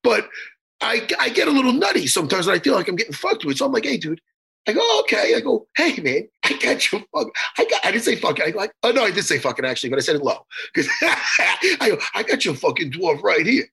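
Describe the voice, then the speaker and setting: A man's voice: high voice, wildly swooping pitch, fast talker, vocal fry, bright, forceful tone, slightly rough. A middle-aged man telling a profane, rambling story in casual chat, stammering through restarts and bursting into laughter.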